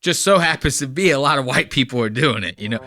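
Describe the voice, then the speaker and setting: A man's voice: mid-range voice, expressive, quick pace, background noise. A man giving blunt, profane, chatty commentary on comedy clips. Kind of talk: casual commentary.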